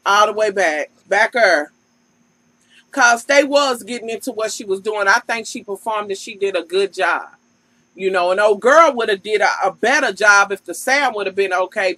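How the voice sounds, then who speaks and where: Woman, bright forceful voice, dry close sound, sassy casual recap, profane. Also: mid-range voice, normal speed, dry recording, rough recording. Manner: sassy, profane, talks straight to the cast. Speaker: vlogger recapping a TV show.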